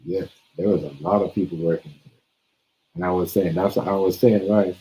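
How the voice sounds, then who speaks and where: A man's voice: deep voice, fairly even intonation, normal speed, mellow, low-quality recording. A man chatting casually on a stream, talking emphatically and often checking that the listener follows. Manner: emphatic, keeps asking "you see what I'm saying". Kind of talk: casual chat.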